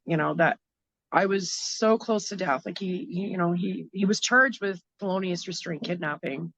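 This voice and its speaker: In a lowish voice on a lo-fi recording, a Canadian interview guest shares a painful personal story, speaking openly yet stumbling through many fillers and false starts.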